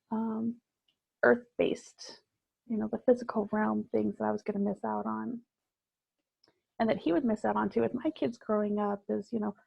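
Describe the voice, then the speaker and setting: Woman, husky, flat-toned, halting, reflective, conversational. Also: a little high, no room sound, dull audio. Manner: reflective, halting with many fillers. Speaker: guest. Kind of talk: personal storytelling in conversation.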